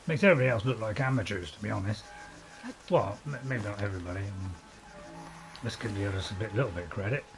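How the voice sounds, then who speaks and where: This low-quality clip has a British gaming host talking fast in a lowish voice over music, a dog barking close by. He keeps up chatty let's-play commentary, cracking self-mocking jokes and laughing a lot.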